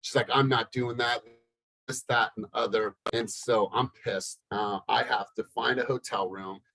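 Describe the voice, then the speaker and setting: A man hosting a team coaching call from a hotel room, telling a story with animated, acted-out dialogue. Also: medium pitch, moderate pace, gravelly, no echo, poor audio. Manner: animated, acts out both sides of a dialogue. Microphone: laptop or webcam on a video call.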